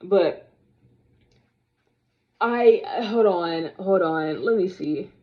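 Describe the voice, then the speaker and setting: A young woman vlogging to camera in casual, opinionated chat, sassy and animated as she talks straight to her viewers. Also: on the low side, very slow, lo-fi sound. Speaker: vlogger reviewing dolls.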